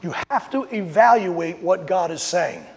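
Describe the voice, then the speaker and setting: A man with a high voice preaches a sermon outdoors, telling stories and dramatizing what people said. His voice rings with a long reverb tail. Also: expressive, measured pace. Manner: storytelling, rising to emphatic when acting out quotes. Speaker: pastor. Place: outdoors on a street.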